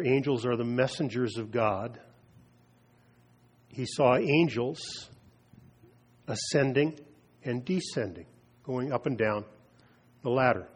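A man delivers a sermon in a husky, mid-pitched voice. He preaches with slow, emphatic phrasing and lets key words hang in deliberate pauses. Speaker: pastor.

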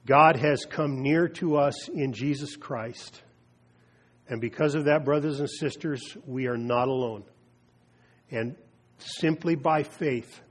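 A man preaching a sermon, retelling scripture with slow, emphatic pauses and drops in his voice. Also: mid-range voice, slightly rough. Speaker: pastor.

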